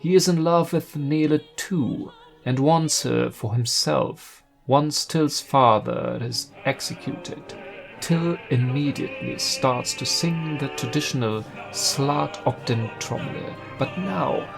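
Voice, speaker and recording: Gravelly-voiced man narrating about opera. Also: mid-range voice, over music. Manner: earnest, admiring, measured. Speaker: video essayist.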